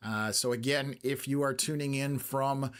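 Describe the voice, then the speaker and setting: Man, live storm commentary, halting with lots of fillers, slightly hoarse voice, mid pitch. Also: steady tone. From Canada. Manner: halting, many "uh" fillers, urgent warnings. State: voice going a little hoarse. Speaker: weather stream host.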